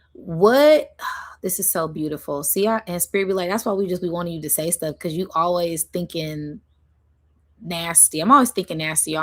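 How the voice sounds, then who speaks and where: A woman giving an intuitive spiritual reading to her viewers, chatty and giggly, drawing out words slowly as she channels. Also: mid-range voice, fairly bright tone. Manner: chatty, giggly, talks straight to her audience. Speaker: spiritual energy reader.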